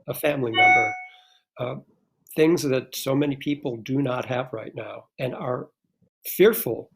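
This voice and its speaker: A man's voice: mid-range voice, creaky. A man speaking as a guest on a live stream, earnestly building his points in rhetorical lists, like a short speech.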